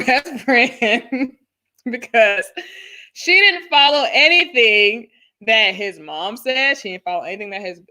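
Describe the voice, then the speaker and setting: A woman co-hosting a casual reality TV recap, chatty and quick to laugh. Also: mid-range voice, sharp tone. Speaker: podcast co-host.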